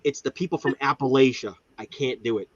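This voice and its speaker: Animated male storyteller in casual chat. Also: mid-range voice, fairly quick, breathy edge, dry recording, lo-fi sound. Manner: animated storyteller, mimics voices.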